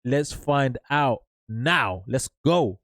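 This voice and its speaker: A man's voice: medium pitch, animated, extremely slow, fairly bright tone, no room sound, clean studio sound. A man hosting an online selling tutorial, hyped and repetitive, often calling out to his viewers. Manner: hyped, repetitive, keeps saying guys and right. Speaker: online seller tutorial host. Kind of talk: energetic screen-share tutorial.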